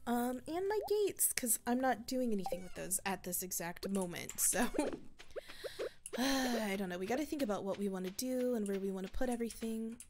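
A chatty woman talks through her gameplay, rambling and thinking aloud with easy laughs. Her voice sits a little high. Loud mouse and keyboard clicks run under her talk. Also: expressive, normal speed, heavy background noise. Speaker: let's play video creator. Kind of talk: casual gameplay commentary.

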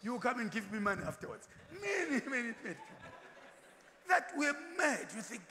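A man's voice: extremely high pitch, sing-song, moderate pace, sharp tone. A man preaching a sermon as a bishop, asking the congregation questions and telling stories with humour. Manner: call-and-response preaching with rhetorical questions; humorous storytelling, laughs often. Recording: long hall reverb, faint background noise.

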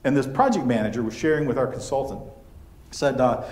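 A man giving a conference keynote, telling stories in a chatty, animated way with frequent fillers. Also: medium pitch, fairly quick. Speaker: keynote speaker. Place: conference venue. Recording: echoey conference hall.

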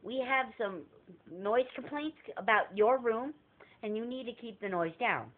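A man's voice: very high-pitched, a little slow. A young man doing an impression of a famous male stand-up comedian, telling a prank story and acting out the characters' voices. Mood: animated storytelling. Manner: animated storytelling that acts out several characters' voices. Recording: tinny phone-like lo-fi recording.

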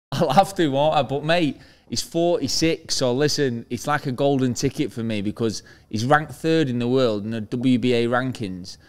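Man in his thirties, podcast host, casual banter, jokey, cusses a lot, mid-pitched voice. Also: moderate pace, clean tone. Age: 30s. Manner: swears freely, jokey.

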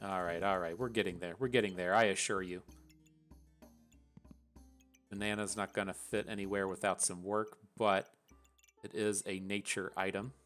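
Low-voiced man with an Appalachian drawl. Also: steady tone, normal speed, pauses often, a bit bright, faint music behind. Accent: West Virginia Appalachian. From West Virginia, USA. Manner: chatty, rambling, swears casually. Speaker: gaming channel host. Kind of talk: casual gameplay commentary.

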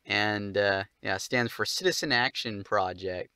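A man's voice: fairly low pitch, measured pace, bright, forceful tone, clean tone, no echo, studio quality. A man vlogging casually, short on sleep, talking to his dog in an exasperated, swearing, mock-scolding way.

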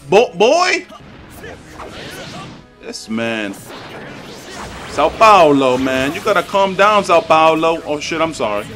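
A man giving excitable, profane live commentary over his own game matches, trash-talking opponents and hyping his plays. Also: mid-range voice. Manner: excitable, profane trash talk, swings between hype shouts and mutters. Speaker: gaming YouTuber.

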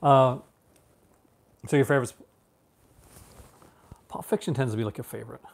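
A man's voice: medium pitch, normal speed, creaky, a little hiss or hum. A man from Canada, around his thirties, talks casually to his viewers. His speech wanders, full of fillers, restarts and easy laughter. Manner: rambling, many restarts and fillers, laughs often. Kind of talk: casual chat, answering viewers.

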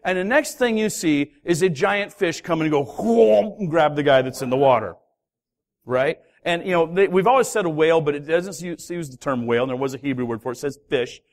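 A pastor preaching a sermon, telling a story with lively, acted-out voices of its characters. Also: male voice, a little high, a little fast. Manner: animated storytelling, acting out voices of the sailors. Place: church hall.

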